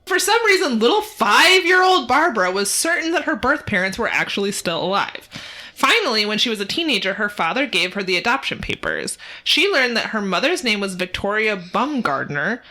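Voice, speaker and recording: A woman's voice: medium pitch, normal speed. Dry-humored woman podcast storyteller. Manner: relaxed retelling with dry humor. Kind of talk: casual storytelling chat.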